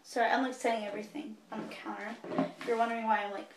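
A woman's voice: on the high side, little pitch movement, rapid-fire, very noisy. A young woman chatting casually as a beauty vlogger, gushing about her favorite products. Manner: bubbly, gushing. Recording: echoey room, voice a bit far from mic.

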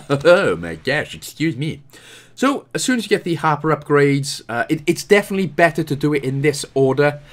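A man's voice: on the high side, sing-song, normal speed. A Welsh man giving casual, chatty commentary over a video game walkthrough, with self-deprecating, apologetic asides.

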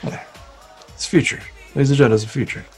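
A man's voice: medium pitch, fairly even intonation, quick pace, darkish tone, soft background music. A young man co-hosting a crude, joking movie commentary podcast, often trailing off and restarting. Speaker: podcast co-host.

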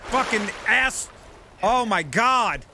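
A man giving gaming commentary, talking himself through moves and yelling and swearing at the game. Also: high-pitched, animated, takes it slowly, heavy background noise. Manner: swears a lot and yells at the game. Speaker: let's play gamer.

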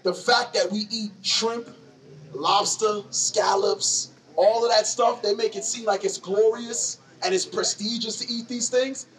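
A man's voice: sits high, measured pace. A man teaching scripture to a crowd in a slangy, conversational call-and-response style, quizzing his listeners. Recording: distant mic amid a lively crowd.

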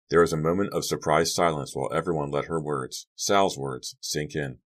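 A man's voice: very deep voice, fairly even intonation, normal speed, hardly any pauses, fairly bright tone. A man reading a teen horror novel aloud as an audiobook narrator, lifting his voice for the characters' lines.

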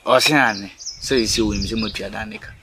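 An actor playing a boastful, coaxing property agent in a comedy film. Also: male voice, fairly low pitch, fairly even intonation, a little fast, background noise, close to an everyday voice. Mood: bargaining.

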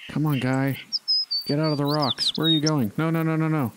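A man's voice: fairly high pitch, fairly even intonation, brisk, very noisy. Man muttering at animals in a hunting game. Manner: talks to the animals on screen, pleading and muttering. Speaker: gaming channel host. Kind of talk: gameplay commentary.

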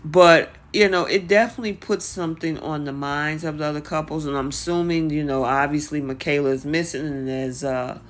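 A reality TV recap host talking casually and animatedly, often acting out the cast's lines with lots of "you know" fillers. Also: medium pitch. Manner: animated, acts out the cast's lines in quick bursts.

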